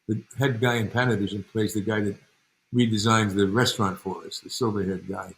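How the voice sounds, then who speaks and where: An older New York man, an actor and director, tells long rambling anecdotes as a guest in a relaxed interview, acting out the people in them. His lowish voice has vocal fry and a fairly bright tone, with fairly even intonation at a fairly quick pace, on a rough recording.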